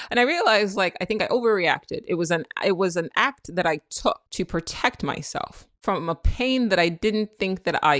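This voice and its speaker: A woman with a lowish voice hosts her own podcast in a dry, close sound. She talks through spiritual self-help ideas in a casual, candid way, swears without a second thought and laughs easily at herself. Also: fairly bright tone, dry recording. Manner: candid, blunt, swears freely, reflective. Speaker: podcast host.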